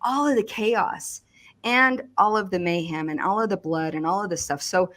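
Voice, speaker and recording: A woman recounting a personal experience in conversation, speaking haltingly with frequent restarts and fillers. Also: mid-range voice, fairly bright tone. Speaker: survivor giving testimony.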